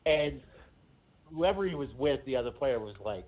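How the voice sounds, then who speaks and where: A man's voice: mid-range voice, expressive, moderate pace. A man co-hosting a sports podcast, telling a rambling story with lots of fillers in casual chat. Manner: rambling anecdote with many fillers. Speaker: podcast co-host. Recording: phone-like narrow sound.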